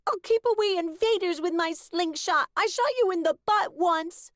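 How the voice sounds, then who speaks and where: A woman voicing an excitable, boastful young boy with a squeaky voice, shouting insistently in an audiobook. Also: moderate pace, no room sound, clean studio sound. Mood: excited shouting. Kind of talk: audiobook character voice.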